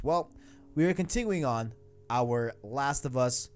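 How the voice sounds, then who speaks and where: A man's voice: mid-range voice, lively intonation, a little slow, darkish tone, soft background music. A man hosting a casual podcast, rambling with lots of fillers and laughing at himself. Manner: rambling, self-deprecating, laughs often. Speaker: podcast host. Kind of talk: casual podcast chat reading a comic aloud.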